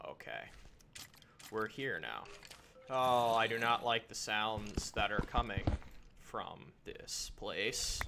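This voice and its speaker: A man commenting on his own gameplay in a goofy way, talking to the animals and mobs and breaking into panicked yells. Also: on the low side, creaky, noisy background. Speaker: gaming channel host. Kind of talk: let's play commentary.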